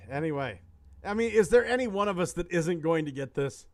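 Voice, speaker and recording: Crude joke-telling man, slightly high voice. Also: lively intonation, fairly quick. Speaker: podcast co-host. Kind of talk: casual crude chat about toys.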